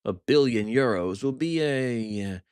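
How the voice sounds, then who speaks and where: Voiced by a man in a higher register, a middle-aged French crime boss gloats with dripping mock warmth. He sounds theatrical and pleased with his own cruelty. The audiobook sound is close and dry. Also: animated, takes it slowly, clear, resonant tone, dry recording. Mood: gloating.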